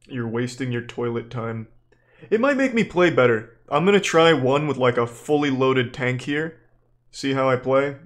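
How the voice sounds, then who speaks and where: A young man streaming live, chatting casually with viewers in a deadpan, exasperated way, swearing freely. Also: mid-range voice. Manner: deadpan, profane, exasperated rants at chat.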